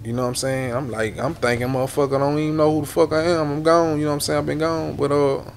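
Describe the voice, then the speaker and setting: A man's voice: a little high, fairly even intonation, fast talker, gravelly, slight background noise. A middle-aged man with a Houston accent, a rapper telling long rambling stories in a casual interview, repeating words and swearing often. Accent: Houston Southern. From Houston, Texas.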